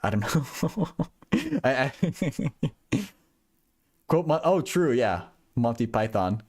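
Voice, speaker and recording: A man's voice: medium pitch, sing-song, takes it slowly, a little mellow. A young man hosting a livestream, chatting casually with viewers about a physics problem, rambling and laughing at himself with lots of repeated words. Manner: rambling, self-deprecating, giggly, stammers with repeated words. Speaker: livestream host solving math and physics problems.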